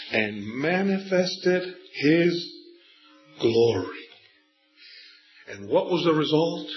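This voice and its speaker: Middle-aged guy preaching, a bit high voice, animated storytelling, echoey kinda dull church recording. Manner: animated storytelling, slows and stretches words for scripture. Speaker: pastor. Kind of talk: sermon.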